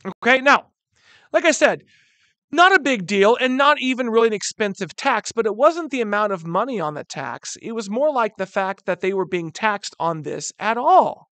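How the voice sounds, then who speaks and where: Animated male history teacher lecturing. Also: high voice, normal speed, no echo. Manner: animated, keeps addressing students as "guys". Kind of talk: classroom lecture.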